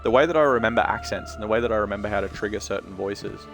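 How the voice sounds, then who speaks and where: A man's voice: fairly low pitch, very fast, gravelly, music in the background. A man chatting casually on his game stream, sweary and talkative. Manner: chatty, sweary, talks about accents.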